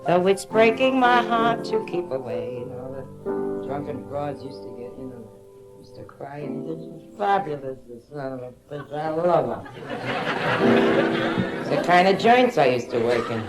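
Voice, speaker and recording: Speaking at a normal speed in a very deep voice with long pauses, a middle-aged woman teases a loud nightclub crowd during bawdy stand-up. She holds a handheld stage mic, and the roomy early-1960s live club recording includes music.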